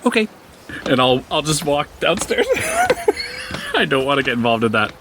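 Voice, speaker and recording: A man playing a tabletop role-playing game, casual, jokey and animated. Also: moderate pace, heavy background noise. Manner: animated and jokey, swinging pitch. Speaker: player.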